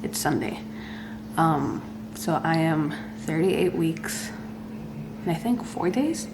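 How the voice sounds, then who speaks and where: A young woman vlogging casually about her pregnancy, chatty and excitable, full of fillers. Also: low-pitched, takes it slowly, creaky, background noise.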